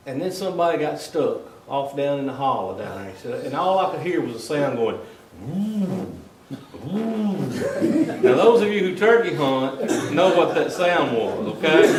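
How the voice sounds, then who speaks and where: Joking Southern man in an echoey hall. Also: on the high side. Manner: joking, drawling, tags lines with "okay?". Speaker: wildlife biologist giving a talk. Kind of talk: folksy presentation to landowners. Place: meeting hall. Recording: echoey hall from some distance.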